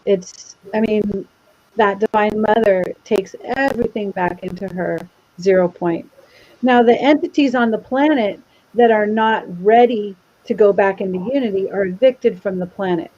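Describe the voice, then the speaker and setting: A woman's voice: mid-range voice, moderate pace, darkish tone. A woman taking part in a spiritual discussion show, speaking in a rhythmic, poetic way. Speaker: show participant. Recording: dull lo-fi audio.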